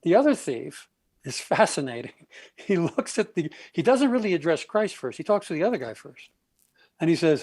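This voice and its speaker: A man in a podcast conversation, retelling stories with lively energy and putting on the voices of the people he quotes. His voice sits a little higher than most men's. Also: normal speed, husky. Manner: animated storytelling, acts out quoted voices.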